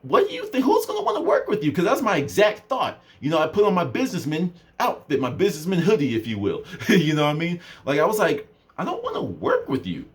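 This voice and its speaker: A man's voice: sits high, fast talker. A young man casually telling a story to camera as a self-improvement vlogger, with lots of fillers. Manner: animated storytelling, many fillers. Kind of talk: casual talking-to-camera chat.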